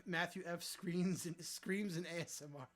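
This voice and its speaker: Guy hanging out on his livestream, kinda high voice, reading chat and joking, some music going quietly. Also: fairly even intonation, moderate pace. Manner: joking, reads viewer chat aloud, swears freely. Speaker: livestream host.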